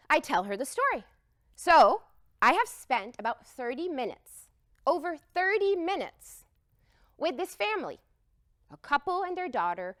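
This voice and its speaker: Lively, high-voiced woman telling a story. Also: no echo, clean studio sound. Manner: expressive, emphatic, heartfelt. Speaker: speaker. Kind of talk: storytelling talk.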